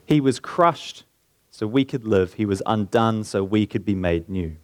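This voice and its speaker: A man preaching a sermon in an earnest way, slowing down and lifting his voice to stress key points. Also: fairly low pitch, lively intonation, no echo. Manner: earnest, slows down and lifts his voice for emphasis.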